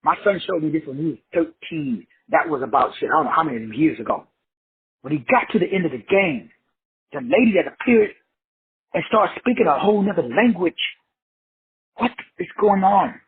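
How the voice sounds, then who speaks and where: A man with a very husky, raspy voice and a high pitch that swings up and down a lot. He talks to his listeners like a preacher, blunt and full of swearing, in an animated motivational monologue. The sound is thin and phone-like, and it is dry. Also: moderate pace. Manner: preachy, blunt and profane, addresses listeners directly. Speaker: host of a self-help show. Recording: tinny phone-like dry audio.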